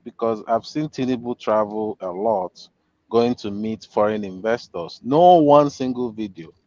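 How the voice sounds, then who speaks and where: A man's voice: fairly low pitch, a little mellow, no room sound, dull audio. A man on a discussion panel, asking skeptical questions. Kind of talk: casual political discussion.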